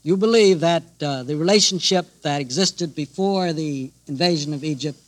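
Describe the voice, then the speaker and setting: A man with a fairly high voice hosts a formal broadcast interview. He introduces the panel and puts questions in a crisp, precise manner, recorded close and dry with no room sound. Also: normal speed, no echo. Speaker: moderator.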